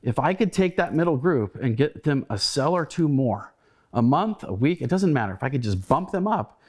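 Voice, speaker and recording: A man's voice: mid-range voice, big pitch swings, normal speed. A middle-aged man hosting a podcast, telling stories in a casual, reflective way with frequent restarts. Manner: conversational, restarts words, reflective storytelling. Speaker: podcast host, former colleague.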